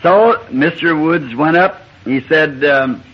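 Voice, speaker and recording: A preacher with a husky, slightly raised voice spins a rambling, homespun tale from the pulpit and chuckles along the way. The sound is muffled and lo-fi, like an old tape of a sermon. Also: male voice, fairly high pitch, slow pace. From Southern United States. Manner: folksy, rambling anecdote with frequent chuckles. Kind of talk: sermon storytelling.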